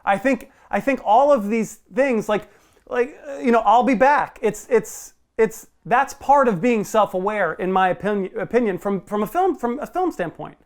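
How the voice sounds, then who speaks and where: A man's voice: sits high, lively intonation. A man co-hosting a movie review show who argues his side in casual debate and often stumbles and repeats words. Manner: argumentative, halting, repeats words.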